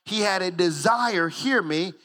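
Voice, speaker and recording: A middle-aged male pastor delivering a sermon in a bright, high, ringing voice. He moves between relaxed storytelling and rising, fervent preaching that swells into shouted praise. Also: measured pace, long reverb tail.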